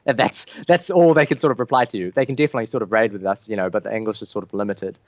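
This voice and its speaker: A man's voice: on the low side, very fast, no room sound. A man with an Australian accent, a guest chatting casually in an interview, rambling with many fillers over a remote call. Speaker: guest raid leader. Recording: dull dry lo-fi call audio.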